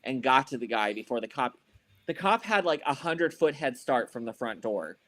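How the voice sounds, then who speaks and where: A man's voice: medium pitch, very animated, moderate pace, a bit bright. A man on a podcast, telling a story in casual chat, rambling and swearing, with lots of "like" and "you know.". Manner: frequent fillers like "like" and "you know". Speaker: podcast co-host.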